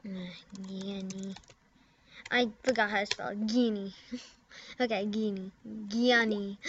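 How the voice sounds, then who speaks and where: Her mid-range voice is steady, bright, and forceful as she giggles through a prank game video, typing at her computer. The young woman's talk is halting and mumbled, often trailing off, and a dull lo-fi computer mic picks it up.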